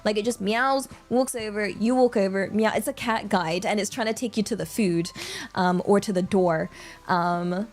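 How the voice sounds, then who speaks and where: A woman's voice: mid-range voice, normal speed, darkish tone. A young woman with a British accent chatting casually on a livestream, rambling with lots of filler words and laughter. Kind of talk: casual stream chat.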